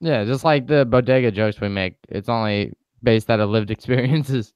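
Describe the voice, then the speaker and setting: A man's voice: medium pitch, moderate pace, a little mellow, smooth, dry recording, dull audio. Laid-back young man telling stories. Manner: laid-back storytelling, joking, swears casually. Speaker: podcast co-host. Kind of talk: casual podcast banter.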